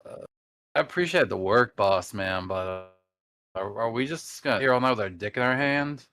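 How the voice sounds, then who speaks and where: A man playing in a tabletop game, making drawn-out joking remarks. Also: mid-range voice, lively intonation, bright, forceful tone. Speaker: player. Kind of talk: casual game chat.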